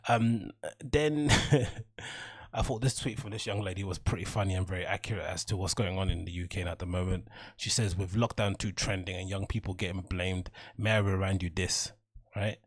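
A man's voice: low voice, steady tone, normal speed, husky, no room sound, clean studio sound. A man hosting a podcast, rambling casually with a laugh and mock-polite asides. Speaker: podcast host.

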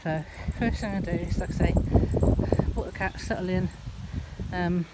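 A woman's voice: fairly low pitch, moderate pace. A woman, vlogging casually outdoors at a campsite, chatting away and slipping into fond baby talk with her cat. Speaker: van-life vlogger. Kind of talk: casual vlog chat to camera. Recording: outdoor background noise.

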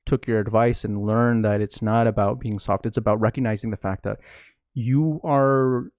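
A man's voice: lowish voice, fairly even intonation, normal speed, darkish tone, dry recording. A man hosting a podcast, talking casually and rambling, with lots of "like" fillers and restarts. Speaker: podcast host. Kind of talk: casual conversation.

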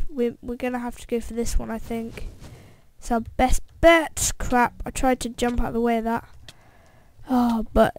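A woman hosts a let's-play gaming video, talking slowly in a voice on the high side. She's excitable, reacting aloud to the game and addressing viewers directly as "guys."

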